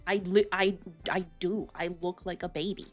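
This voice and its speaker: A woman in her thirties chatting casually on a livestream, telling stories with lots of swearing and quick restarts. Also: lowish voice, little pitch movement, soft background music. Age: 30s. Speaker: streamer.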